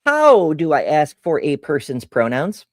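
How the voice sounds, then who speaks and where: Middle-aged woman rambling thru viewer questions, super lively ups and downs, self-deprecating, dry close sound. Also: deep voice, measured pace, no echo. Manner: chatty with frequent laughs and restarts. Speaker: streamer answering viewer questions. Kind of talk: casual livestream Q&A.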